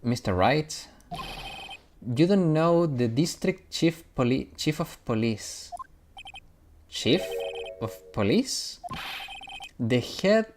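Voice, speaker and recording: A man voicing a hesitant young male defense attorney in a visual novel game, reading slowly. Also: a little high, darkish tone, a little hiss or hum.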